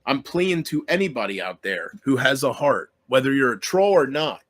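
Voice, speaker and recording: A man's voice: mid-range voice, big pitch swings, normal speed, a bit bright. A man vlogging to his viewers in an upset, pleading rant, swearing and repeating himself, close to tears.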